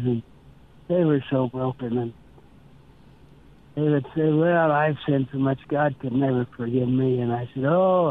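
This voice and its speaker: An older man from Nebraska, his medium-pitched voice thin and tinny as though over the phone, tells earnest stories as an interview guest. He speaks slowly and acts out past conversations with quoted dialogue.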